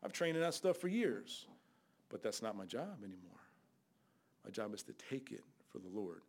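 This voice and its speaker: An older man preaching a fiery Bible sermon as a guest preacher, scolding loudly and then dropping to low asides. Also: very animated, normal speed, slight background noise. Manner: loud, scolding, shifts between shouting and low asides.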